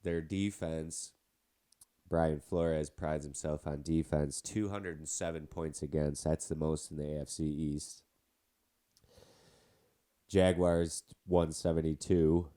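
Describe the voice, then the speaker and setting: A man's voice: extremely low pitch, steady tone, slow pace, warm tone. A man with a nasal, stuffed-up voice from a cold, hosting a casual sports podcast in a chatty, rambling way. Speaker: podcast host.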